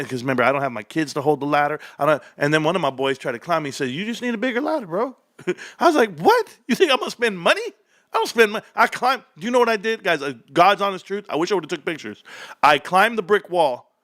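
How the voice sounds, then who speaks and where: Energetic male streamer, 30s, rambling and animated, bright tense tone. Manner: hyped, rambling, loud swings, laughs often; lower storytelling mode. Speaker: stock livestream host. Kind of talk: excited livestream ranting.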